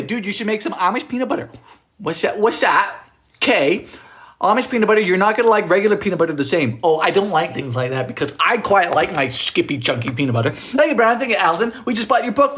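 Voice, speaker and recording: A man's voice: sits high, fairly bright tone. A man chatting on a live stream from his home kitchen, reading viewers' comments aloud and cracking jokes as he bakes. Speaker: home baker livestreaming. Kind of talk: casual live-stream chat.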